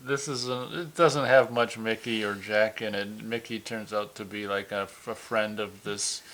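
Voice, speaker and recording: A man with a slightly low voice chats loosely through an episode review. He rambles, breaks off and restarts his sentences, and laughs easily as he goes. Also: steady tone, measured pace, fairly bright tone. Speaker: podcast co-host. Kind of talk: casual movie review chat.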